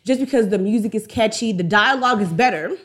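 A woman giving casual, slangy music commentary in an animated way, retelling a song's story. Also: a little high, fast talker. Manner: animated, slangy, acts out song dialogue.

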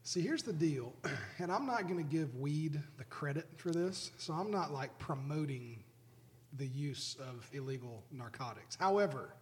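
A man's voice: fairly high pitch, animated, in a large hall. A man with a Southern accent, co-hosting a podcast and chiming in with agreeable quips. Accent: Alabama Southern. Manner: agreeable, quick interjections. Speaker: podcast co-host. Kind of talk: casual chat.

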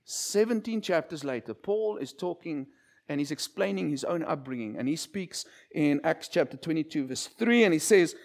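A man's voice: a little high, expressive, moderate pace, vocal fry. A man preaching as a church minister, talking conversationally and acting out quotes. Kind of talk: sermon.

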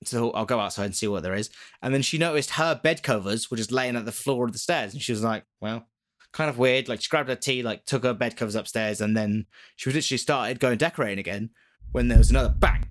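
Male co-host, casual rambling storyteller, mid-pitched, loose and swearing. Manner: rambling and animated, swears, laughs often. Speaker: podcast co-host.

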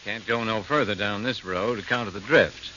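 A gruff country sleigh driver with a low, unhurried voice and homespun grammar. The sound is dull and faintly hissy, an old radio play recording. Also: male voice, bright, forceful tone. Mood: folksy. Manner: folksy rustic grammar, unhurried. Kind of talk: 1940s radio drama acting.

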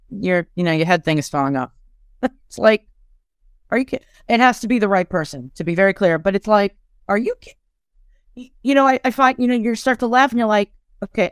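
A woman who is a clinical social worker, giving advice in a casual podcast chat, lively and full of restarts and acted-out asides. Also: mid-range voice, clean tone, no room sound, clean studio sound. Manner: warm, animated, many restarts and acted asides.

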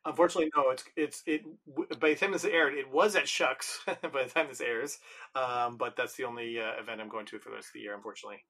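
A man talking as a game designer guest in a casual podcast interview, relaxed, with fillers and false starts. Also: mid-range voice, fast talker.

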